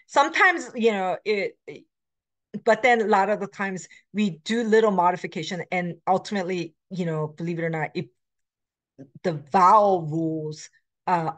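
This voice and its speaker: Her voice on the low side, a middle-aged language instructor records a lecture on grammar patterns, full of fillers and self-corrections. She alternates English and Korean examples and reads example words aloud between explanations.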